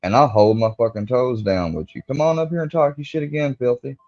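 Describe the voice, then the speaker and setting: A man's voice: medium pitch, steady tone, fairly quick, darkish tone, dry recording. A man hosting a livestream, ranting in an angry, profane, confrontational way. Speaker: livestream host. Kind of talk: heated livestream rant. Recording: dull lo-fi stream audio.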